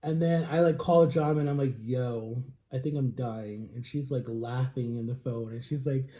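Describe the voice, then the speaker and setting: A young man casually telling a story while tasting wine, animated, acting out quotes with jumps in pitch. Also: moderate pace, echoey room. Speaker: vlogger.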